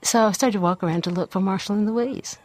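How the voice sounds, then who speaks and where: An older woman from the American South, telling a personal story in a reflective, unhurried way. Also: mid-range voice, a little mellow.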